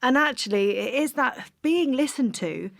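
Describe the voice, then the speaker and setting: A woman hosting a podcast in a casual conversation, supportive and quick to laugh. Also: high-pitched, animated, creaky. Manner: supportive, laughs easily, unhurried. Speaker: podcast host.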